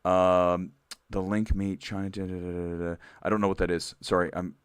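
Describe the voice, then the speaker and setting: A man hosting a live movie talk show, chatting candidly to viewers with animated, rambling asides. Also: sits low, normal speed, clear, resonant tone, no room sound, clean studio sound. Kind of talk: live-stream chat reading viewer comments.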